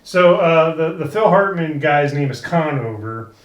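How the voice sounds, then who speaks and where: A man co-hosting a casual podcast episode review, who laughs often and acts out quoted lines in a higher voice. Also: animated, measured pace, reverberant, far from the mic. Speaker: podcast co-host.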